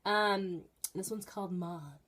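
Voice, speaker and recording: A teenage girl rambles chattily in a storytelling vlog filmed in her bedroom, her mid-range voice moving slowly but breaking into bursts of excited emphasis.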